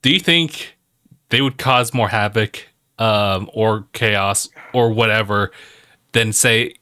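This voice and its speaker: Bright, dry-voiced man hosting a podcast. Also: on the low side, slow pace, no room sound. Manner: giggly, easygoing. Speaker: podcast host. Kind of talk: casual chat.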